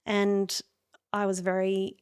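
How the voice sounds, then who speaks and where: A woman guest on a podcast, telling a personal story in an earnest, reflective way with many pauses and restarts. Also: medium pitch, completely flat delivery, a little mellow, clean tone. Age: adult parent.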